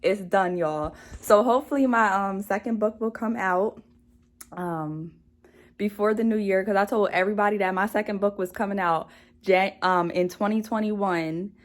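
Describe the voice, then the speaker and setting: A woman's voice: mid-range voice, moderate pace. A young woman talking straight to camera about her new book, bubbly and laughing as she goes. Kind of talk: casual excited vlog to camera. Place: alone indoors at home. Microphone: camera mic.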